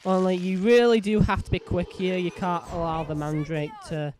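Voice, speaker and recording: A man with a slightly raised voice talks casually over a game he is playing. He rambles, circling back with fillers and "so yeah". Clear background noise hums behind his home recording. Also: sits high, steady tone, moderate pace, darkish tone. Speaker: let's play host. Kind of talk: casual gameplay commentary.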